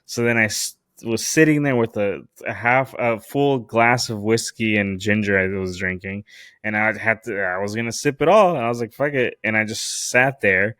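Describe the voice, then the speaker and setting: A young man hosting a solo podcast, telling a story in a profane, animated way with a lot of swearing. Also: on the low side, normal speed, no echo, clean studio sound. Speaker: podcast host.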